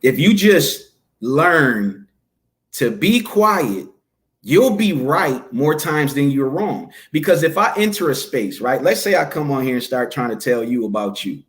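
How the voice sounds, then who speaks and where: A man's voice: medium pitch, expressive, measured pace. A man as an interview guest, talking emphatically and preacher-like, posing questions and answering them himself. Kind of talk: casual conversational interview.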